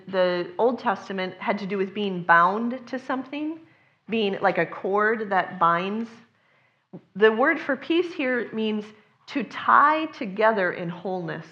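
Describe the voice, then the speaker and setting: A woman's voice: medium pitch, fairly bright tone, dull audio. A woman preaching a sermon in an earnest, conversational way, sometimes acting out the voices of the people she quotes.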